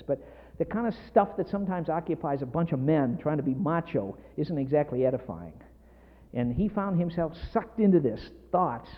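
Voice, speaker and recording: Passionate man preaching, tinny and echoey. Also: on the high side. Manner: passionate, emphatic preaching with rising intensity. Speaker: pastor. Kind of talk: sermon. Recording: tinny phone-like sound in a reverberant hall.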